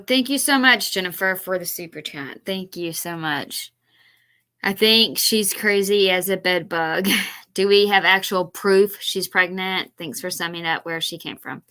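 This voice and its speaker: A woman's voice: on the low side, pushed and bright. A woman commenting on a livestream in a blunt, exasperated, casual way, with many fillers.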